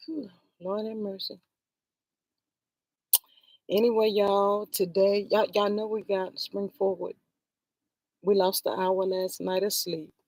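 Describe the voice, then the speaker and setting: A woman talks straight at the people she is criticizing, scolding and exasperated, and sighs to the Lord between points. Her voice sits at an ordinary middle pitch. The sound is dry and close, with no room echo. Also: little pitch movement, takes it slowly, pauses often, darkish tone. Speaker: vlogger commenting on a reality show. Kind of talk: heated livestream commentary.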